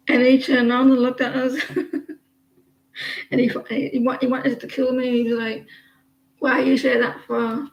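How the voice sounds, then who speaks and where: An adult woman with a daughter does a casual tarot reading on a livestream, rambling and chatting as she addresses viewers by name. Her voice is fairly high-pitched and the audio quality is poor.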